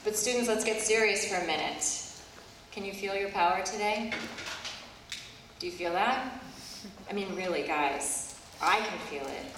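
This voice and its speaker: A woman's voice: mid-range voice, normal speed, long pauses, background noise. A middle-aged woman giving a commencement speech, playful, self-deprecating and emotional. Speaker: commencement speaker. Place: large auditorium. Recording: echoey hall from far off.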